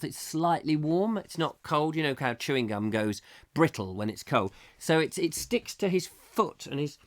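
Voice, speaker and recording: This host of a live comic chat show has a medium-pitched, slightly bright male voice. He tells a meandering story with many restarts, acting out scenes along the way.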